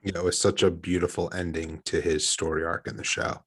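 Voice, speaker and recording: A man's voice: low-pitched, level tone, fairly quick, husky. A man co-hosting a podcast, talking casually and earnestly, rambling with restarts. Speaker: podcast co-host. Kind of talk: casual chat.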